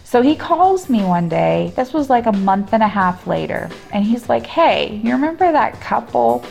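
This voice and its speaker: A woman's voice: on the high side, normal speed, creaky, faint music behind. A woman podcast co-host casually telling a funny story, acting out what each person said and breaking into laughter. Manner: animated storyteller acting out quoted people, laughing often.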